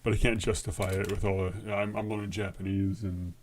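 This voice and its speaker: A man's voice: sits low, level tone, a little fast, slight background noise. A man hosting a casual live coding stream, thinking aloud with fillers and restarts. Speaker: livestream host.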